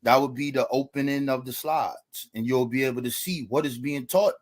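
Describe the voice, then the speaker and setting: A man's voice: mid-range voice, normal speed. A man giving a debate opening statement, lecturing and asking rhetorical questions.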